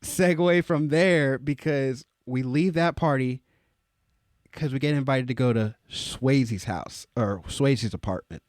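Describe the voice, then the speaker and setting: A young man on a casual podcast, spinning a story with loose swearing and leaps into high, excited quoted voices. His voice sits at an ordinary middle pitch. The sound is close and dry. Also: slow, no echo. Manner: animated, jumps into high exclaimed quotes, swears freely. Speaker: podcast co-host.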